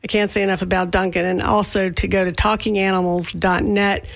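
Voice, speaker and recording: A woman's voice: medium pitch, little pitch movement, a little fast, gravelly. A woman interviewing a guest in a radio studio, friendly and encouraging, often restarting her sentences.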